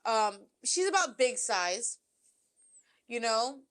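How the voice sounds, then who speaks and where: A young woman co-hosts a casual podcast, telling a wild story with animated energy. Her voice sits a little high and she swears freely as she acts out what people said. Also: slow. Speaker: podcast co-host.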